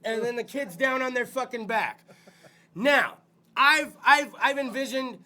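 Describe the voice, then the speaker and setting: A man hosting a podcast with loose comedic chat, profane and rowdy, often bursting into shouts. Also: very high-pitched, measured pace, slight background noise. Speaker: podcast host.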